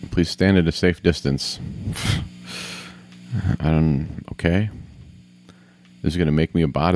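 A man's voice: deep voice, a little mellow. A man casually commenting on a video game as he plays, grumbling, swearing and talking to himself. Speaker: gamer.

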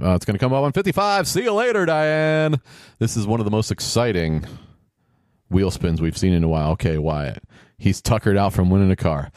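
A man's voice: fairly low pitch, darkish tone, no room sound, clean studio sound. A man giving casual play-by-play commentary on a game show, rambling with sarcastic, wisecracking asides.

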